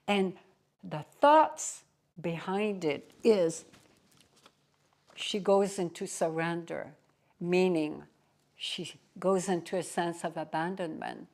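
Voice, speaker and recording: A woman's voice: medium pitch, darkish tone. A woman spiritual teacher giving a devotional satsang talk, telling a story to teach, with emphatic asides.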